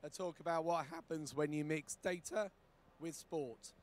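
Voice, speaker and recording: A man, hoarse and short of voice, presenting a live conference talk in a friendly, relaxed way with frequent ums. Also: on the high side, measured pace, no room sound. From United Kingdom.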